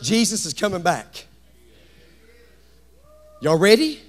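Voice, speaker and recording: Man, pastor, fiery sermon, hushed to shouting, high voice, long church reverb. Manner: preaching with swings from hushed to shouting. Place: church sanctuary.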